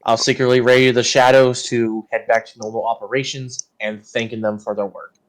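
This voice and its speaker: A man playing in a tabletop role-playing game, talking through his plans in a relaxed, casual way and drifting in and out of character. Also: mid-range voice, a little fast. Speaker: player.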